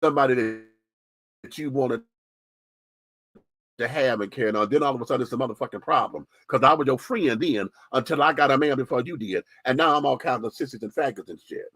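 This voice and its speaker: A man's voice: mid-range voice, fairly quick, a bit bright, no room sound. A man hosting a radio show, giving a candid, profane, sassy opinion monologue with lots of emphasis.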